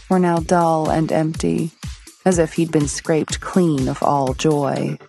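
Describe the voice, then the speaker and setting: A woman narrating a romance novel in a steady, measured storytelling manner. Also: sits low. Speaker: audiobook narrator. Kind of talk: scripted narration.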